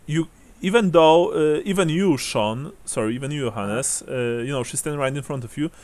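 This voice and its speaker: A man narrating as game master of a tabletop game, halting with many fillers and occasional chuckles. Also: on the high side, a little mellow, dry recording.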